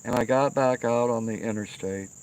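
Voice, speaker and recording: At night by an outdoor fire pit, a middle-aged man livestreams a casual, rambling story full of swearing, frequently checking in with "okay?" He has a medium-pitched, slightly mellow voice at normal speed, with slight background noise.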